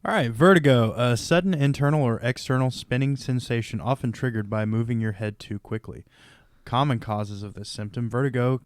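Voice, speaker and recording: Low smooth man reading aloud. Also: no echo. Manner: reads out definitions aloud. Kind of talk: casual podcast chat.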